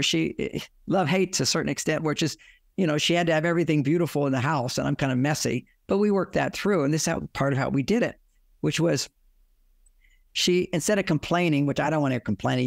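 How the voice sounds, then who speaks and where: A man's voice: a little high, a little fast, gravelly, no room sound, clean studio sound. A man who writes on relationships, giving advice through personal stories, acting out what people said and chuckling as he goes. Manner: animated storytelling, acting out quoted lines, chuckling. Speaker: relationship author.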